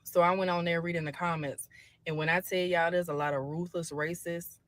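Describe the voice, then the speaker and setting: A woman's voice: on the low side, level tone, a little fast. Blunt, defiant woman ranting to camera. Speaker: social media poster. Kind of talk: selfie video rant. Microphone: phone with camera filter.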